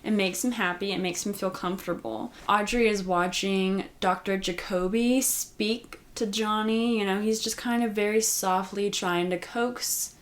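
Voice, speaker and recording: A woman's voice: medium pitch, fairly even intonation, unhurried, few pauses. A woman giving a casual, chatty recap of a TV episode, with lots of "like" and "you know". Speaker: recap host.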